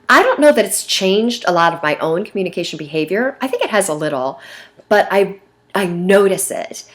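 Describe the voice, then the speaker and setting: A middle-aged woman teacher giving a recorded lecture in a conversational way, with frequent fillers. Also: mid-range voice. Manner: conversational, with fillers and slide references.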